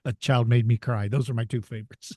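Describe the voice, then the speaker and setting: A man telling lively stories as an interview guest, laughing easily and acting out excited children. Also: mid-range voice, quick pace, no room sound. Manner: animated storyteller, laughs easily, voices excited kids. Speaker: interview guest, dinosaur educator. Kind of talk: storytelling in a casual interview.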